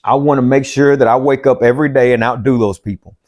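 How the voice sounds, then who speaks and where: A man's voice: medium pitch, fairly even intonation, fast talker, a little mellow. A man, a life coach, gives a motivational self-help talk, blunt and profane and driving each point home by repeating it.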